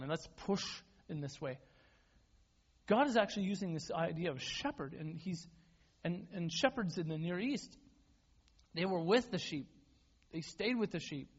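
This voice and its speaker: A man's voice: high-pitched, normal speed. A man preaching a sermon as a pastor, conversational and self-deprecating, often restarting his words. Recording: dull lo-fi sound.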